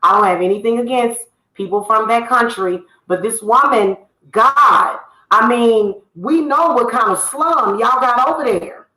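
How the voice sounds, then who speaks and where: A woman's voice: a little high, measured pace, few pauses, pushed and bright. A woman from the United States, ranting heatedly to camera and scolding people she addresses directly. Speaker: spiritual reader and channel host. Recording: echoey room.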